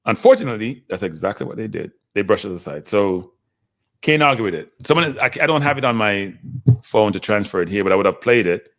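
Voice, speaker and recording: Animated man hosting a livestream. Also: lowish voice. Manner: animated, talks straight to the live chat, answers viewer comments. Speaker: livestream host. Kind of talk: casual livestream commentary.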